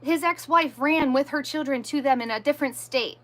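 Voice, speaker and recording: Livestream host, woman in her thirties, indignant storyteller, bright edge to the voice. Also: high voice, a little fast. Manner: animated, indignant retelling with quoted dialogue.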